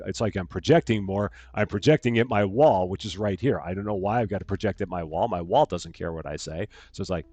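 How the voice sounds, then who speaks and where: A man casually chatting on a live game stream, reading chat aloud and greeting viewers while projecting a bit louder than normal from his room. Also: sits low, fast, hardly any pauses, slightly rough, no echo, faint music behind. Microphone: headphones on, desk mic.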